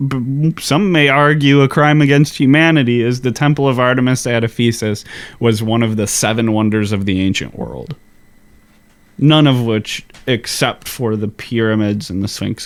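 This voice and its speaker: A man in an ordinary middle pitch, walking through history in a relaxed, wry tone. He swears casually and keeps the chat loose. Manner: laid-back, profane, wry explainer. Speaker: podcast co-host.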